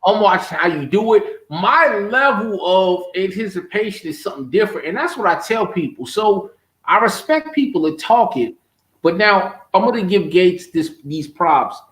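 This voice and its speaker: A man's voice: high voice, lively intonation, moderate pace, fairly bright tone, roomy sound. A man co-hosting a live gaming talk show, talking trash in a profane, emphatic way. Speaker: show co-host. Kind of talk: trash-talking casual chat.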